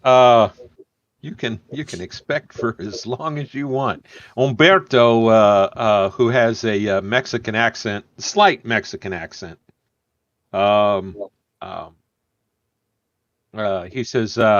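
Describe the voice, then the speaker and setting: A man narrating as game master of a tabletop game, halting often with filler words. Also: lowish voice, fairly bright tone, no echo, dull audio.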